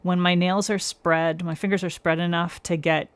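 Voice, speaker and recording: A woman's voice: fairly low pitch, little pitch movement, moderate pace, smooth, no echo. A woman hosting a nail art livestream, chatting casually with viewers by name, laughing often and explaining her steps as she works. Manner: explains step by step while working. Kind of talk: casual live-stream chat.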